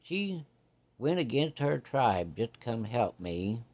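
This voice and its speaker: A man's voice: medium pitch, big pitch swings, slow pace, a little mellow, exaggerated voice. A man voicing an injured young cowboy who talks in an earnest, plain country way.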